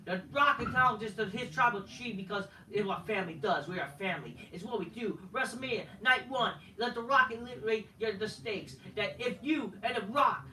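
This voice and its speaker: A man's voice: sits high, fairly quick, few pauses, sharp tone, slight background noise. A man reviewing a wrestling show in a heated, mocking, profanity-filled rant. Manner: heated, swears constantly, mocking. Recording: roomy and distant from the mic.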